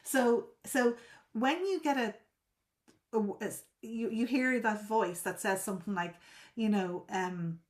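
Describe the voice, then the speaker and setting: A woman's voice: on the high side, takes it slowly. A woman coaching a group on a live video call, explaining at length. She often repeats and restarts words and checks whether listeners follow.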